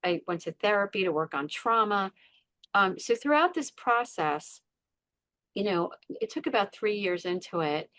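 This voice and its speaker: An earnest middle-aged woman talks through a personal story as a podcast guest. Her voice sits at an everyday pitch, and she leans on repeated words and acts out the voices in her head. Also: animated, moderate pace, pushed and bright.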